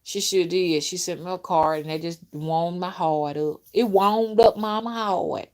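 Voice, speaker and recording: A middle-aged woman chatting casually on a live stream, folksy and warm with her viewers, reading out their comments and calling them y'all and honey. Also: on the low side, unhurried. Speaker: spiritual rootworker hosting a live stream.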